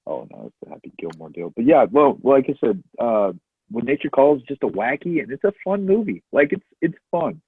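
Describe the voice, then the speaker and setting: Husky man on a tinny line. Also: mid-range voice, very animated, a little fast, no echo. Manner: easygoing, nostalgic, filler-heavy. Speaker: podcast co-host. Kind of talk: casual movie chat.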